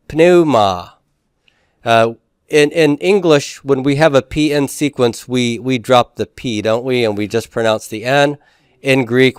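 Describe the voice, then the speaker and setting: A man's voice: fairly low pitch, clear, resonant tone, no room sound, clean studio sound. A man lecturing a class on Greek pronunciation and syllable division, explaining step by step and often checking in with his listeners. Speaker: Greek teacher.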